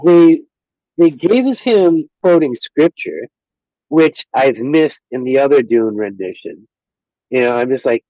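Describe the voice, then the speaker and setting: A man's voice: mid-range voice, lively intonation, a little slow, long pauses, dry recording. A man co-hosting a podcast in casual chat, hesitant, with many fillers. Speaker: podcast co-host. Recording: dull, muffled line.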